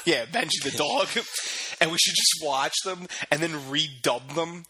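Bright, breathy young man rambling casually. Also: on the high side, a little slow. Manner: rambling, full of "like" fillers, laughs often. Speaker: co-host in a chat among friends. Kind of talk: casual chat.

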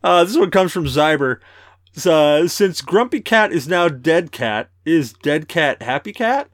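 A man's voice: a little high, animated, unhurried, dry recording, studio quality. A man hosting a casual podcast, telling crude stories and laughing often, a bit tipsy. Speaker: podcast host.

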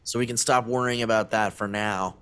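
A man's voice: fairly low pitch, steady tone, fairly quick, a bit bright, smooth, dry recording. Rambling man reading news aloud. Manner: rambling, lots of fillers, bursts into silly voices. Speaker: podcast co-host.

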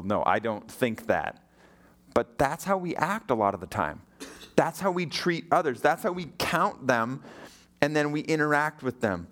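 A man's voice: on the high side, a bit bright. A young adult man preaching a sermon as a guest pastor, telling a personal story in a conversational way and asking the audience questions.

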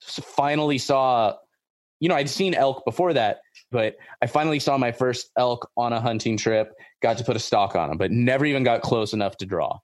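Excitable man hosting a podcast, dry sound. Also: mid-range voice, normal speed, no echo. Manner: excitable, rambling, repeats himself. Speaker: podcast host. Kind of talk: casual chat.

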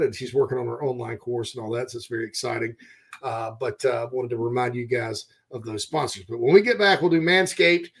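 A man's voice: mid-range voice, breathy edge. A man hosting a college football podcast, chatting casually and folksy, laughing easily with guests. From southern United States. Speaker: podcast host. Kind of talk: casual sports talk.

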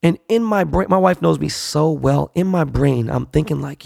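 Man, casual host monologue, heavy fry, blunt street slang, profane and emphatic. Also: on the high side, moderate pace, a little mellow, no room sound, clean studio sound. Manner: emphatic, repeats himself for weight.

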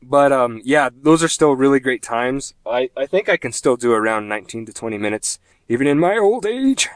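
A man's voice: mid-range voice, a little fast, smooth, dry recording. Rambling twenty-something male podcast host. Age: 20s. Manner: rambling, self-deprecating, laughs often. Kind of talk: casual gaming podcast chat.

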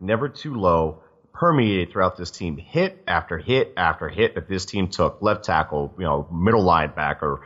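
A man in a casual sports podcast, analyzing the game in a quick, rambling way. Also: deep voice, expressive, fairly bright tone, muffled recording. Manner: fast, analytical, many restarts.

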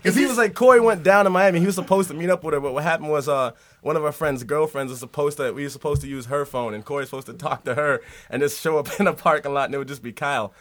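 A man co-hosting a casual podcast, telling a story in an animated way and laughing through it. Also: a little high, fast talker, few pauses. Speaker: podcast co-host. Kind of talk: casual chat. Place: hot cellar studio.

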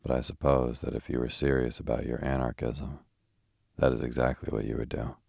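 A deep-voiced man reading a sharp, argumentative young poet. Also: level tone, fairly quick, no room sound, studio quality, heavily acted. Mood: arguing. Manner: crisp, pointed argument.

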